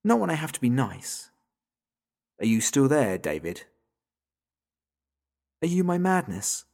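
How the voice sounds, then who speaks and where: A man's voice: very animated, a little slow, vocal fry, darkish tone. A man reading a first-person audiobook story as a frightened father, his voice climbing sharply when he asks questions. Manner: tense and rising, pitch jumping up in panic on questions. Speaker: narrator, father of small children.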